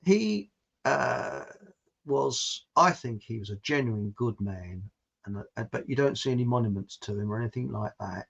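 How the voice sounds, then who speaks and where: A gravelly, husky British man hosting a loose, rambling chat show. He wanders off topic and chuckles at his own jokes. The audio is muffled and lo-fi. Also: mid-range voice, lively intonation, normal speed, fairly bright tone. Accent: British English. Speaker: host. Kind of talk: casual chat.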